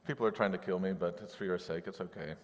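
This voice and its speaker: A man's voice: sits low, fast, long reverb tail, close to an everyday voice. A man playing a falsely cheerful prophet who chats offhandedly, as if over coffee. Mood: mock casual. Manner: offhand, casual chatter.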